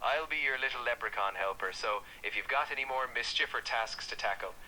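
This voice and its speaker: A man's voice: mid-range voice, a little fast, sharp tone, slight background noise, low-quality recording. A man's synthetic voice playing a cheery leprechaun helper with an Irish accent, folksy and chirpy. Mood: cheerful.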